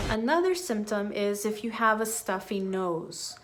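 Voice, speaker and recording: A young American woman teaching English vocabulary, slowly repeating each key phrase twice. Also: a little high, steady tone, a bit bright. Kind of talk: slow, clear English lesson.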